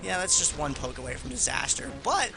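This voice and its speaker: A man giving excitable, jokey commentary on a competitive video game match. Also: fairly high pitch, a little fast, gravelly, over music. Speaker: esports commentator. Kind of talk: esports color commentary.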